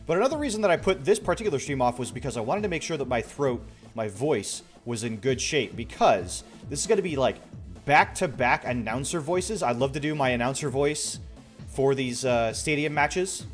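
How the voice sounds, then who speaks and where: A man streaming a video game, chatting casually with his viewers in a soft-spoken way, with sentences that often trail off quietly. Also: medium pitch, expressive, moderate pace, soft background music. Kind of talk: casual gameplay stream chat.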